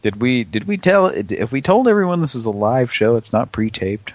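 A man's voice: medium pitch, big pitch swings, moderate pace. A man co-hosting a casual show over a voice call, laid-back and often laughing between jokes. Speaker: co-host.

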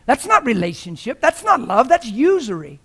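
Male preacher, very high pitch, impassioned exhorting sermon delivery. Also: sing-song, normal speed, creaky. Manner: impassioned, rising to shouts.

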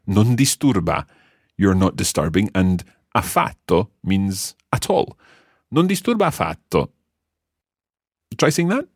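A man's voice: low-pitched, sing-song, a little slow, pauses often, husky, dry recording, clean studio sound. A man teaching a language lesson, patiently explaining step by step and quizzing the learner.

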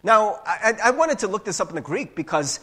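A male pastor preaching a casual, conversational sermon. He keeps tagging his points with "right?" and sometimes acts out quick little voices. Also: husky. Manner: casual, animated preaching with frequent "right?" tags; acts out voices with big pitch jumps.

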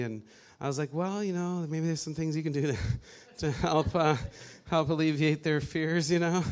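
A man casually telling a personal faith story, animated and often laughing as he acts out what people said. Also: on the high side, normal speed, clear, resonant tone.

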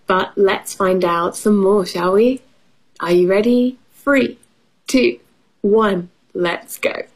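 A woman's voice: medium pitch, slow, breathy edge, poor audio. A woman reading a farm picture book to children as an English lesson, asking questions and making playful animal sounds. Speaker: storybook reader and English teacher.

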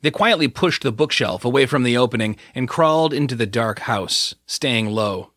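A man narrating an audiobook in an even, expressive storytelling manner. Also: medium pitch, normal speed, no room sound, clean studio sound.

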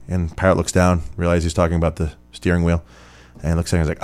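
A man's voice: low-pitched, completely flat delivery, fast talker, darkish tone, soft background music. A man hosting a podcast, answering listener questions in a rambling, chatty way. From Rochester, New York. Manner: rambling, chatty, many fillers. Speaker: podcast host. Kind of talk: casual listener Q&A.

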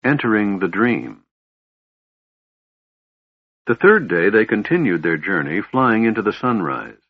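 A man narrating a fantasy audiobook in a measured storytelling manner. His voice is low and husky. The recording is dry and somewhat dull. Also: sing-song, no room sound. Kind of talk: scripted narration.

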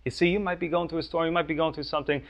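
Male pastor, casual preaching with lots of "you know", gravelly tone, muffled recording. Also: on the high side, little pitch movement, racing. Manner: conversational, frequent "you know" and "right?". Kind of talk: sermon.

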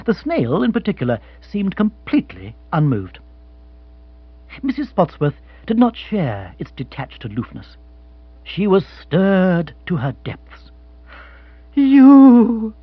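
A man narrating a comic novel with wry relish. His voice is husky and a little high, with an animated melody. The recording is dry and somewhat dull. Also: unhurried, no echo. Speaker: audiobook narrator.

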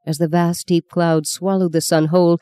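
A woman narrating a novel as an audiobook, in a measured storytelling manner. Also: on the low side, little pitch movement, warm tone, clean tone, dry recording. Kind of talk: scripted narration.

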